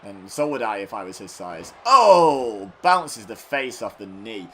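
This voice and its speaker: A man's voice: on the low side, very animated, a little slow, bright, forceful tone, a little hiss or hum. A man doing casual, self-mocking commentary over a wrestling video game, joking as he calls the action. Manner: chatty and self-mocking, riffing between play-by-play calls. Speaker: gaming channel host.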